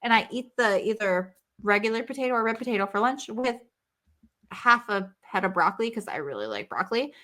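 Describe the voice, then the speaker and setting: A woman co-hosting a podcast in casual chat, animated and swearing casually with frequent laughter. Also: fairly high pitch, a little fast. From not from the South, Southern family. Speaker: podcast co-host.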